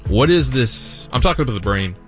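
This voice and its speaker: A male radio host giving a reflective, gently encouraging devotional talk between programs. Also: medium pitch, animated, a little fast. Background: soft music.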